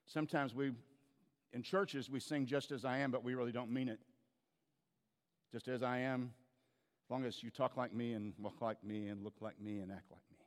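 A man's voice: medium pitch, in a large hall. A man preaching a sermon as a pastor, telling stories in a conversational way with frequent restarts.

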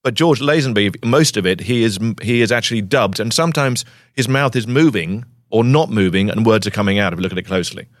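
A man co-hosting a podcast. He has a lowish voice that comes through dry and close, and he rattles off his points at a quick pace, with an animated, incredulous edge. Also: no echo. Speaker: podcast co-host. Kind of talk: casual chat.

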